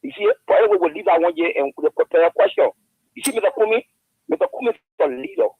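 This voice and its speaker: A man's voice: sits high, huge pitch swings, quick pace, gravelly, husky, dry recording. A man calling in to a radio talk show, speaking heatedly and repeating words as he pushes his point. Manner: fiery, repeats words, rising to shouts. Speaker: caller. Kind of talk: heated call-in commentary. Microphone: phone. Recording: tinny phone line.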